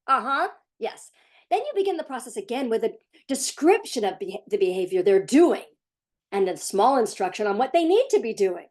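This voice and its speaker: A woman parent coach talking casually to the camera in a sarcastic, animated way, sometimes laughing as she speaks. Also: sits high, moderate pace. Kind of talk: casual vlog commentary.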